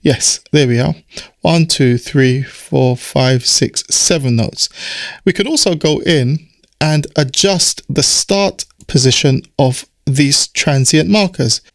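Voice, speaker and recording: A man with a croaky voice, explaining music production software step by step in a relaxed tutorial. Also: a little high, slow, dry recording, studio quality. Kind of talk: screen-recorded software tutorial. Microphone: studio mic through audio interface.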